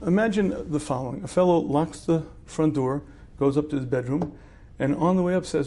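A somewhat high-voiced man teaches religion in a laid-back, informal manner, asking rhetorical questions and breaking off now and then to clear his throat.

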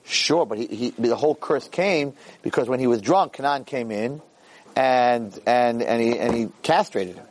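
A man, a rabbi, teaching a Torah class to a room of listeners, reading Hebrew source lines and translating them with lively asides. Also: medium pitch, normal speed, a little hiss or hum. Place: room with a live audience.

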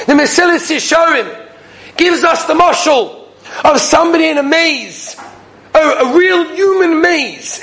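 A man's voice: extremely high pitch, a bit bright. A man giving a sermon, telling stories and acting out the people in them, with Hebrew and Yiddish terms mixed in. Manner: storytelling, acts out the people in his stories. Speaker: rabbi giving a weekly Torah talk.

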